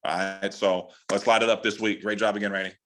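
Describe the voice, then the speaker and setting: A man from California leading a sales team call, giving a casual motivational pep talk in a loose, profane way that keeps jumping up in pitch for emphasis. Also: fast, a little hiss or hum, rough recording. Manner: loose, profane, full of "like" and "dude"; animated, rising pitch for emphasis. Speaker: sales team leader hosting a training call.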